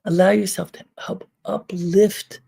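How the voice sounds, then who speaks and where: A woman hosting an inspirational self-help talk, giving calm, unhurried advice with frequent pauses. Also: medium pitch, gravelly, slightly rough. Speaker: host.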